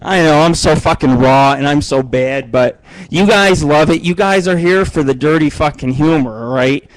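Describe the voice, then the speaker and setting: A man hosts a live internet radio show from his home, talking into a computer mic. His voice sits a little high for a man and sounds close and dry. He rambles and boasts, swears freely, and keeps restarting his sentences with fillers. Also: normal speed, no room sound, poor audio. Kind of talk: crude casual live-stream talk. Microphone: computer mic on a live webcam stream.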